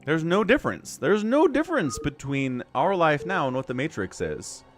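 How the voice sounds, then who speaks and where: Lively, excitable male game caster. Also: fairly high pitch, normal speed, faint music behind. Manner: excitable, chatty, laughs often. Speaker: esports caster and streamer. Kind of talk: live game commentary with chat interaction.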